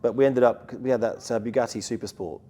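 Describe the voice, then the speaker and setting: A man's voice: mid-range voice, fairly even intonation, fast talker, mellow. A man hosting a podcast, asking teasing, jokey questions in casual interview chat. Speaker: podcast host.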